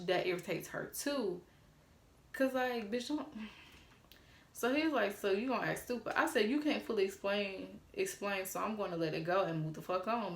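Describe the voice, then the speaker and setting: A woman with a fairly low voice tells a casual storytime into her phone, swearing freely. She reads text messages aloud as she goes. The room gives her voice a noticeable echo. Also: vocal fry. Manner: animated, quotes texts aloud, swears freely. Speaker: vlogger.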